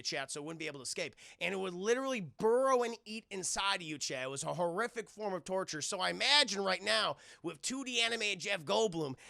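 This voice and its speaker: A man's voice: high-pitched, vocal fry, pushed and bright, no echo, studio quality. A man casually retelling a film scene by scene to his live chat, swearing freely and addressing the chat constantly. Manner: profane, keeps addressing chat. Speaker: streamer, film reviewer.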